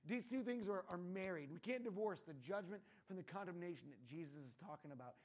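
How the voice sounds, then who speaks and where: A man's voice: high voice, lively intonation, a little fast, a little mellow. A male pastor giving a casual, conversational sermon in a church room, often tossing in rhetorical questions like "right?".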